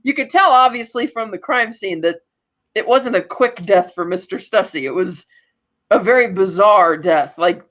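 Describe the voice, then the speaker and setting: A woman's voice: medium pitch, normal speed. Woman co-host recapping a show, lo-fi sound. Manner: animated storytelling, acts out lines with laughs. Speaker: podcast co-host. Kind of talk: casual chat recapping a TV episode.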